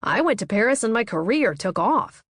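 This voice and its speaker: A woman's voice: mid-range voice, very animated, moderate pace, no echo, studio quality. A woman voicing a confident, teasing male artist in an audiobook, with a wry, self-assured delivery.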